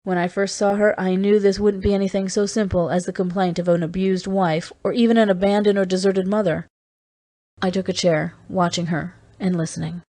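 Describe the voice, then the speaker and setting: A woman reads a novel aloud in the first person, steady and measured. Her narration keeps an even, unhurried line between the dialogue. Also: mid-range voice, no echo. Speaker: audiobook reader.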